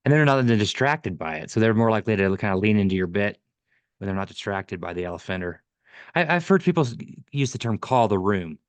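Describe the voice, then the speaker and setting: A man's voice: lowish voice, animated, fairly quick, clear, resonant tone, no echo. A man talking casually as a guest comedian on a podcast, with frequent restarts. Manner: conversational, with restarts and stumbles.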